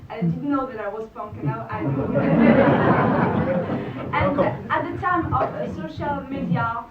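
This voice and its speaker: A woman from France with a French accent, asking a question from the audience, halting and nervous. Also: a little high, lively intonation, over a noisy crowd. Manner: hesitant, halting, laughs nervously. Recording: distant echoey mic, muffled, noisy.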